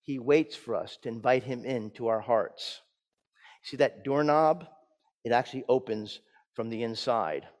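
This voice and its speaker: A man's voice: medium pitch, measured pace. Male pastor preaching in a reverberant sanctuary. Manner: dynamic preaching, swinging from loud emphatic peaks to soft hushed lines. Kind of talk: sermon. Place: church sanctuary. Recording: church sanctuary with long reverb.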